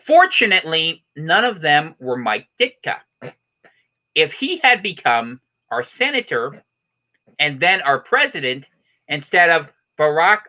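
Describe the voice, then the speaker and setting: A man doing a booming mock TV newscaster. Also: sharp tone, heavily acted. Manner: booming, mock-serious delivery. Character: overexcited male local TV newscaster.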